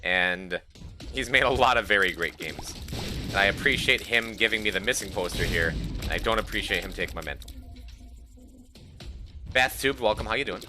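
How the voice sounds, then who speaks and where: A man's voice: on the low side, moderate pace, long pauses. A sleep-deprived man streaming and chatting casually with his viewers, rambling and repeating words. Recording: music playing behind the voice. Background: game music.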